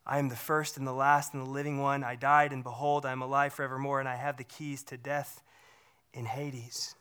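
A pastor voicing a solemn, comforting Christ in a sermon, dropping to a hushed, low delivery. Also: level tone, brisk, smooth, close to an everyday voice.

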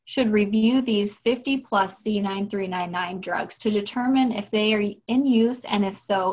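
Woman, podcast co-host, measured, instructive, mid-pitched voice, slightly muffled lo-fi sound. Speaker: podcast co-host, billing expert. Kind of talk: scripted explanatory podcast talk.

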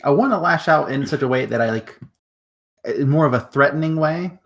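A player in a tabletop role-playing game, laying out their character's moves deliberately. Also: medium pitch.

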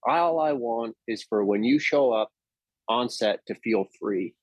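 A male actor telling stories in a casual interview, animated and often restarting his sentences. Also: medium pitch, unhurried, no echo. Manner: anecdotal, animated, with frequent restarts.

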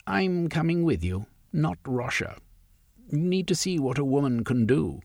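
Proud woman group leader, sharp-tongued, sarcastic, raised voice, man doing her. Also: fairly high pitch, sing-song, a little slow, vocal fry, no room sound, clean studio sound, voice pushed up, exaggerated voice. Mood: defiant. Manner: combative and sarcastic.

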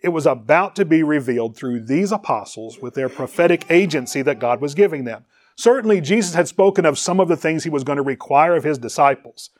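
A man's voice: fairly high pitch, animated, a little fast, no echo, clean studio sound. Man preaching a Bible sermon. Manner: reads scripture aloud and explains Greek words, rising in emphasis on questions.

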